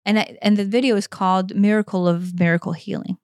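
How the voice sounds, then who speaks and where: A woman's voice: mid-range voice, steady tone, fairly quick, a little mellow, no echo. Earnest woman in her forties, dry sound. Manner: earnest, emotional, swears freely. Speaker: podcast co-host. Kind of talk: casual conversation.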